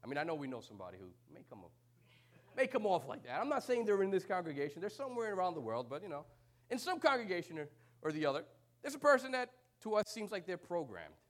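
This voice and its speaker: Impassioned preacher, whispering to shouting. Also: male voice, high voice, very animated, quick pace. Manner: impassioned, swings from hushed whispers to loud shouts; conversational asides and humor. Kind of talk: sermon.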